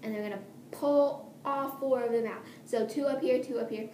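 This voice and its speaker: A woman's voice: a little high, steady tone, normal speed, darkish tone. A nervous teenage girl rambling casually about her upcoming surgery, giggling often and drifting off topic, recorded in a room at home. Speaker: vlogger. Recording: echoey room, faint hiss.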